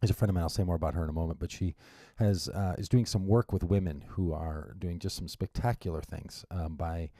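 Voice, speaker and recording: A low-voiced man hosts a radio show by himself, talking into a studio mic. His tone is mellow and relaxed, and he rambles casually with wry little asides. The sound is dry and close. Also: fairly quick, few pauses, no room sound. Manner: chatty and rambling, with wry asides and frequent restarts. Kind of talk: casual solo radio monologue.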